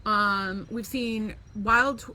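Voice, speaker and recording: Bright, chatty woman who swears freely. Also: mid-range voice, steady tone, extremely slow. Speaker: podcast co-host. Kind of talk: casual chat. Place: home.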